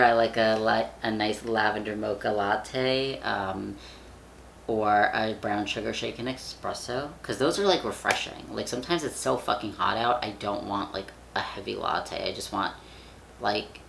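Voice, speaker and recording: Gravelly, bright young man chatting. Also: on the low side, steady tone, moderate pace, slight background noise. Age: young adult. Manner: rambling, filler-heavy, swears casually. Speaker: vlogger. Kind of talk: casual chat.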